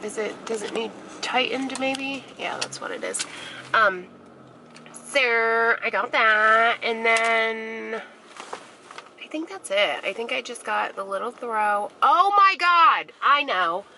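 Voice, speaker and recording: A woman vlogs casually on a handheld camera, chatting through her shopping trip. Her voice is bright and slightly high, and her storytelling is loud, profane and gossipy. A faint hiss of car and store noise sits behind her. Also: slow, rough recording. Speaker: vlogger. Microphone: handheld camera mic.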